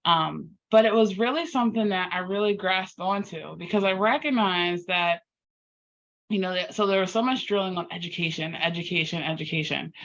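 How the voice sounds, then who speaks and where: A woman guest on an interview podcast, talking earnestly in an animated, storytelling way and acting out her own inner dialogue. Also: fairly low pitch, moderate pace. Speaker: podcast guest, life coach. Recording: slightly muffled lo-fi audio.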